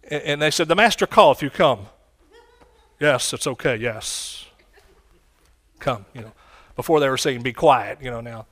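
A man preaching a sermon, swinging from quiet, low lines to loud, shouted ones. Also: normal speed. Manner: impassioned, rising to shouts and dropping low.

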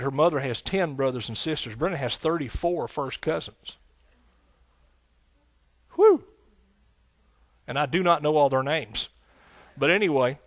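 A man's voice: medium pitch, no echo. A man preaching a sermon to his congregation, folksy and conversational, building up to emphatic passages. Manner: folksy, rising to emphatic preaching with scripture quotes. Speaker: pastor. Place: church sanctuary.

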